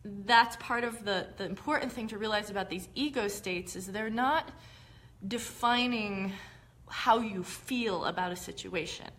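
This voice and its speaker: A woman hosts a live-streamed teaching talk, explaining her ideas in a relaxed, conversational way. Her voice sits at a middle pitch, and she talks her points through with examples. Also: a little slow. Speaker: host.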